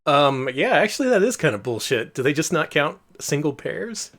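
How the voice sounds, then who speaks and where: Low-voiced sarcastic woman co-host. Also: sing-song, normal speed. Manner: dry sarcastic remarks. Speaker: stream co-host. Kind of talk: casual live-stream chat.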